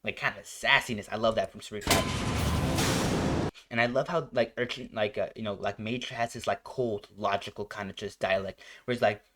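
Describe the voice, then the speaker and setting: A man's voice: lowish voice, steady tone, a little fast, pushed and bright, a little hiss or hum. A young man hosting a reaction video, chatting casually and rambling with lots of filler words. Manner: rambling, full of "like" and "you know".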